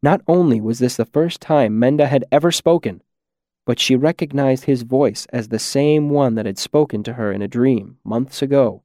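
A man reads a fable aloud at a measured, steady pace. His voice sits mid-range and the recording is close and completely dry, with no room sound. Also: medium pitch, no room sound. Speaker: narrator. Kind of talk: storybook narration.

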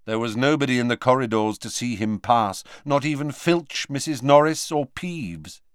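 A man narrating a novel in a measured, expressive storytelling manner. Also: mid-range voice, clean tone, no room sound, clean studio sound. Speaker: audiobook narrator.

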